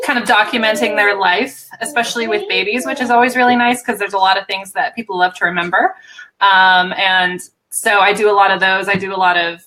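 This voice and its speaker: A woman from the United States, a guest on a casual livestream chat, talking in a relaxed, hesitant way with many ums. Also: medium pitch, low-quality recording. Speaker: guest, photographer and writer.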